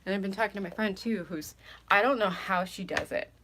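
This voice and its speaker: A woman's voice: mid-range voice, a little fast, pushed and bright, a little hiss or hum. A woman in her thirties from Canada, chatting casually while unpacking groceries at home, rambling and often apologizing with a self-deprecating edge. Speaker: vlogger. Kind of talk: casual live vlog chat. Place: home, moving between rooms.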